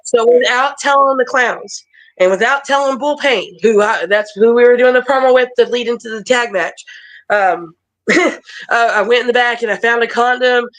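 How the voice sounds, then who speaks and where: Animated, profane woman wrestler telling stories. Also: a little high, moderate pace, poor audio. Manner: animated, profane, laughs often. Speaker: guest wrestler. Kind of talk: casual storytelling. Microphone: video call.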